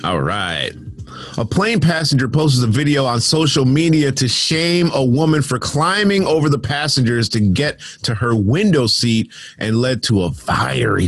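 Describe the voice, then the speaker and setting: Male host, home-studio news riff, husky, animated delivery, sarcastic. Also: fairly low pitch, no echo. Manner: sarcastic, rambling asides, laughs at stories. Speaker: podcast host reading news. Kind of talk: casual news commentary.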